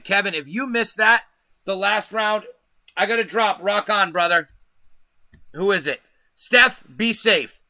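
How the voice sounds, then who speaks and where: A man's voice: sits high, unhurried, sharp tone, dry recording. A man hosting a live stream, talking casually and emphatically, often cursing and asking his viewers "okay?". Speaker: livestream host. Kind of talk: casual livestream commentary.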